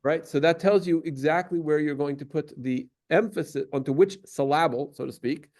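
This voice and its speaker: A man's voice: a little high, normal speed, a little mellow. A man teaching a class, explaining at length with many fillers and restarts and taking questions.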